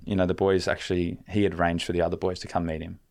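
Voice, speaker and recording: A young man with a low, gravelly voice, telling a long story as a guest on a podcast. He rambles in a laid-back way, with plenty of fillers and the odd swear word. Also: flat delivery, racing, darkish tone. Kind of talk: casual storytelling.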